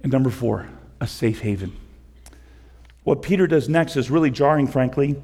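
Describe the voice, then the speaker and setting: Impassioned pastor in a reverberant hall. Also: male voice, mid-range voice, normal speed, a little mellow. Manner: conversational, repeats words, builds to impassioned pleas. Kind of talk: sermon. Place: church sanctuary.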